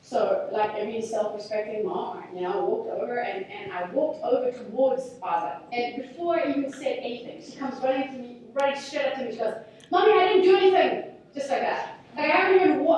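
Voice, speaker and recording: A woman in her thirties giving a talk, telling stories in a candid, self-deprecating and animated way. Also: high-pitched, a little hiss or hum. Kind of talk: storytelling talk. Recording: very echoey hall, mic far off.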